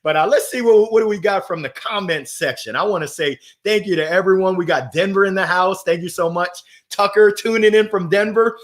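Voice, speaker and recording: A man hosting a motivational livestream, talking with playful energy and giving shout-outs to viewers. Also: sits high, brisk, few pauses. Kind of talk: upbeat motivational livestream talk. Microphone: gold microphone.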